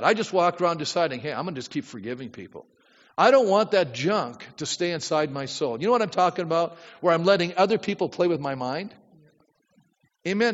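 A man's voice: high-pitched, in a large hall, highs cut off. A man pastor preaching a sermon in a conversational way, often asking the congregation questions.

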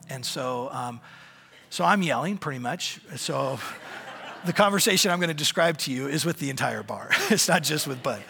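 Gravelly middle-aged pastor telling a story. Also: male voice, on the high side, pushed and bright. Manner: halting, self-deprecating, many fillers. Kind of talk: sermon storytelling.

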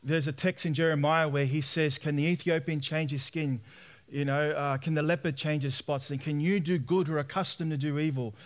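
A young man from Australia, his voice a little high and fairly quick, preaches by telling his own story. It's a sermon testimony delivered with animation, and he gives the quoted voices their own performances.

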